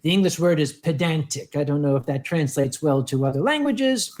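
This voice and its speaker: A man, a convention organizer, telling an anecdote on a panel and acting out the quotes with lively voices. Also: fairly high pitch, normal speed. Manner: lively storyteller who acts out the quotes.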